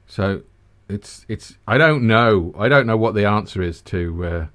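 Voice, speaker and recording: A man co-hosting a podcast in casual chat, animated and teasing, often repeating words as he talks. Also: on the low side, a little slow. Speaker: podcast co-host.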